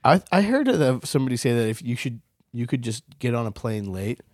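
A man's voice: mid-range voice, big pitch swings, a little fast, dry recording, clean studio sound. Joking, rambling man on a comedy podcast. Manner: rambling, jokey, trails off into bits. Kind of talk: casual comedy podcast banter.

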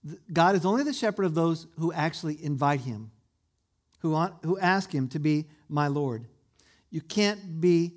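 Guy preaching in church, kinda high voice, keeps asking the congregation questions. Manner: earnest preaching with rhetorical questions to the room. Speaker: pastor. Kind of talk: sermon.

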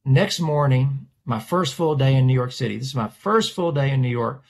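A man's voice: mid-range voice, moderate pace, gravelly. A man, a portrait artist, telling a story in an interview and acting out the voices of the people in it. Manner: animated storyteller, acts out quoted voices.

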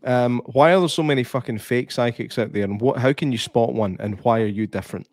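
A man's voice: mid-range voice, a little fast, darkish tone. A man interviewing a guest, hesitant and restarting his questions, swearing casually.

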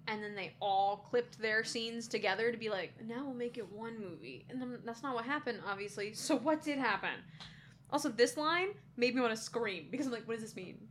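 A woman co-hosting a podcast in casual chat, animated and laughing often as she acts out lines. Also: fairly high pitch, a little hiss or hum. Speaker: podcast co-host.

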